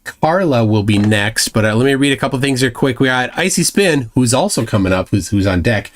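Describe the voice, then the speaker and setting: A man hosts a live stream in a casual chat style, reading out viewer messages one after another. His voice swoops up and down with a lively, animated pitch. He drops mocking, lecturing remarks between the messages. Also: brisk. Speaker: livestream host.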